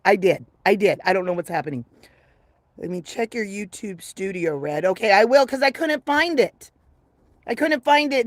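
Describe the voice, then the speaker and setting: A woman in her fifties chatting casually on a livestream, brash and profane, rambling from low mutters to loud excited bursts. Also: no room sound. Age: 50s. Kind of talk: casual livestream chat with viewers.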